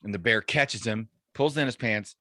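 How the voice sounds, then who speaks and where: A man's voice: fairly low pitch, moderate pace, bright, forceful tone, no echo, studio quality. A man hosting a podcast in casual chat, telling a crude joke in a laid-back way. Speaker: podcast host.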